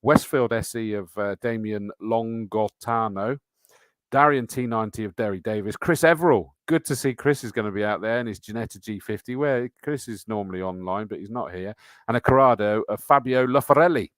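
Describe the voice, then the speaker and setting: A man's voice: on the low side, a little fast, dry recording. A middle-aged man with a chatty, matey manner, hosting a motor racing live stream and reading out viewer comments. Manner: chatty, matey, reads out comments and entry lists. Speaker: host.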